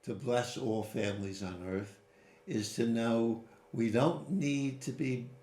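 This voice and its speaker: Male guest, lively storyteller with sudden pitch jumps, recorded in an echoey room. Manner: animated, with sudden rises in pitch and quick asides. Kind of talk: storytelling interview answers. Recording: roomy echo.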